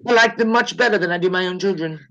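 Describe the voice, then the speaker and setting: A woman in her forties chatting on her own livestream, bright-toned and forceful. She jokes, rambles and swears freely. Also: lowish voice, fast, muffled recording. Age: 40s. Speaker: livestream host. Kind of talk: casual chat.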